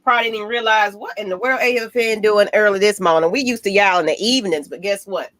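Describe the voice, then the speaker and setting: A woman's voice: medium pitch, fast, fairly bright tone. A woman with an Atlanta accent hosting a casual sports chat, upbeat and playful. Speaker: show host.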